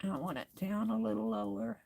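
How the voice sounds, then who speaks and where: A woman's voice: mid-range voice, brisk, vocal fry, darkish tone. A woman hosting a crafting livestream, chatting casually and reading viewer comments aloud as she works.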